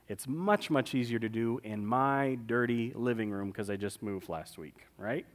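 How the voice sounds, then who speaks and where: A man in his forties giving a conversational sermon in a large church, often checking in with the congregation and acting out quoted voices. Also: medium pitch. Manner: conversational, keeps asking "right?", acts out quoted voices. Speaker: pastor.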